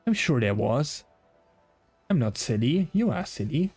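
A man's voice: medium pitch, very animated, a little slow, a little mellow, husky, faint music behind. A man with a slight German accent, a native German speaker, streaming a game and bantering with chat in a playful, rambling way. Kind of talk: casual gaming livestream chat.

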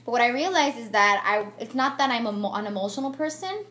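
A woman's voice: a little high, lively intonation, fast, fairly bright tone. A young woman vlogging while she does her makeup, talking candidly and reflectively with many fillers and restarts. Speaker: beauty vlogger. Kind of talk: get-ready-with-me chat. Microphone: camera mic on a tripod.

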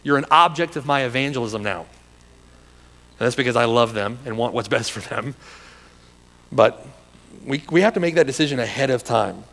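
A man's voice: mid-range voice, expressive, normal speed, pauses often, a bit bright, in a large hall. A man preaching a sermon as pastor, building into urgent, challenging rhetorical questions. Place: church sanctuary.

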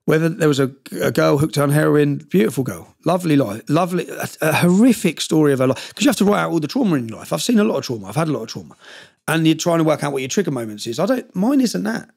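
A man's voice: on the high side, big pitch swings, quick pace, gravelly, darkish tone, husky. A middle-aged man telling personal stories as a podcast guest, emotional and blunt, swearing often. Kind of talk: candid personal storytelling.

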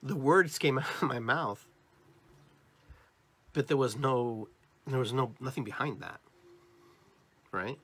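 A man's voice: medium pitch, slow, pauses often, a bit bright, slightly rough. A man hosting a podcast, giving a motivational spiritual talk straight to his listeners, emphatic and repetitive. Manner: acts out different tones of voice as examples. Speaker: podcast host.

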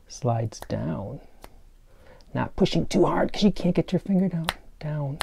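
A man teaching preschool children remotely, explaining step by step in a gentle, playful way. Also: fairly high pitch, measured pace, gravelly, a little hiss or hum. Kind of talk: remote lesson for young children.

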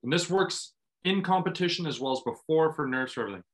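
A man's voice: a little high, animated, quick pace. A man, a former pro volleyball player, earnestly explaining mental training to athletes in a conversation over a video call. He often restarts his phrases. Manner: earnest, restarts phrases, acts out inner self-talk.

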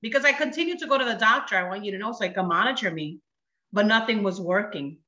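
A woman's voice: medium pitch, expressive, fast, sharp tone. A woman giving an earnest personal faith testimony, telling her story and acting out the dialogue in it. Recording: dull roomy recording.

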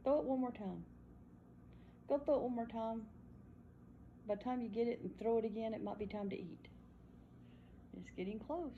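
A woman's voice: fairly high pitch, moderate pace, pauses often, phone-quality sound. A woman chatting playfully to her pet dog at home, teasing and often half-whispering. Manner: teasing, sing-song talk to a dog, often hushed. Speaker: dog owner. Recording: noisy home video.

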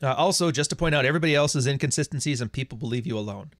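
A man's voice: mid-range voice, rapid-fire, dry recording, clean studio sound. A man hosting a livestream who rants bluntly and crudely and reads out viewer chats. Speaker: livestream host. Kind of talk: profane livestream rant.

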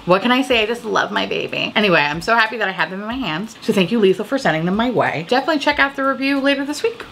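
Animated, foul-mouthed woman gushing about makeup. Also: mid-range voice, very fast, vocal fry, a little hiss or hum. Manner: animated, swearing, laughing, drinking. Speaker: beauty video host. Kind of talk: casual, profane makeup chat.

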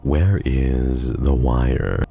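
A man with an extremely deep, gravelly voice streams a game live. His tone is dark and mellow, and he talks casually to chat, swearing freely and cracking jokes. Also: steady tone, very slow, slight background noise.

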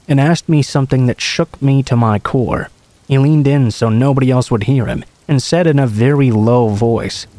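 A man reads a true scary story aloud in a calm, conversational way. His voice is dark and mellow, and the recording is dry and close. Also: mid-range voice, no echo. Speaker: horror story narrator. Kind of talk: scripted narration.

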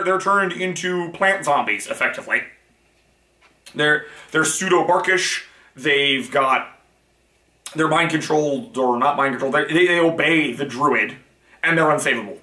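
Recorded in a room with noticeable echo, this male channel host speaks with a fairly high pitch and a bright, forceful tone. He rambles casually and frankly, repeatedly correcting himself.

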